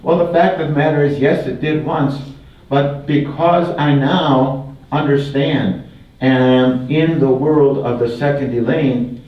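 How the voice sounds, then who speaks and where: An older man from Wisconsin giving a folksy public talk, mixing humor with repeated phrases. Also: medium pitch. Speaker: guest speaker. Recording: distant, roomy, dull hall recording. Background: audience laughter.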